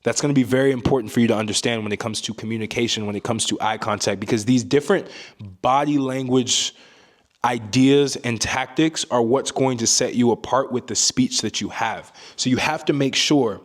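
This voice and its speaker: A man with a medium-pitched voice speaks briskly as a communication coach giving a motivational speaking lesson. He is emphatic and repetitive, often closing his points with a tag question.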